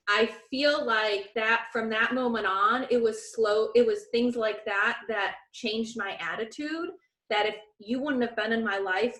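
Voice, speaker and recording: This podcast co-host has a mid-range voice and sounds like she's in a roomy space. Chatting casually, she tells a story with animation and acts out the quoted lines.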